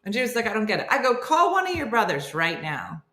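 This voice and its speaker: A fast-talking woman with a mid-range voice hosts a comedy morning show, casually chatting with viewers on a livestream. She reads their names, laughs and tells animated stories, voicing the people in them, recorded with a roomy echo.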